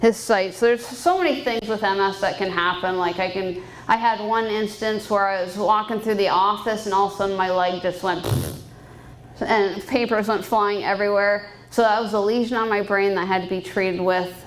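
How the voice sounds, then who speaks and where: A woman's voice: medium pitch, a little hiss or hum, rough recording. Upbeat woman giving a banquet talk. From Canada. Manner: candid and upbeat, laughs often. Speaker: guest speaker and private pilot. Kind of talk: personal talk at a fundraising banquet. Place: banquet hall.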